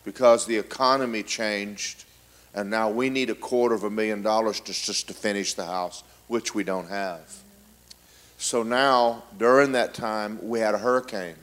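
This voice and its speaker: A man's voice: lowish voice, a bit bright. A male pastor adding his own story to the congregation in a plain, matter-of-fact way. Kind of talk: sermon.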